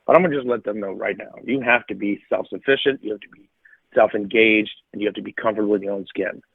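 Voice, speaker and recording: Speaking quickly in a lowish, steady, gravelly and husky voice, this middle-aged co-host spins casual stories on a podcast, hammering points by repeating phrases. There's no room sound, but the line sounds tinny and phone-like.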